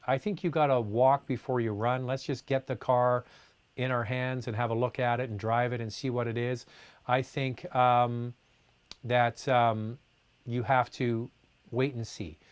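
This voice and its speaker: A man's voice: mid-range voice, smooth. A man hosting a live question-and-answer stream, reading viewer comments aloud and answering in a casual, chatty way with plenty of fillers. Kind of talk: live Q&A chat.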